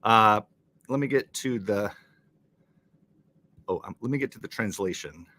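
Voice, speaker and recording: A man's voice: fairly low pitch, a little slow, sharp tone. A man hosting a casual live-stream crossword show, chatting with viewers and laughing often with jokey asides. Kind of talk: casual live-stream chat, reading chat comments.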